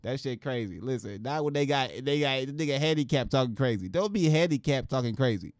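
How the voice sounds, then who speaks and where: A man's voice: medium pitch, lively intonation, a little fast, no echo, studio quality. A man hosting a casual show where he reacts to news clips, with profane, joking rants. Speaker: show host.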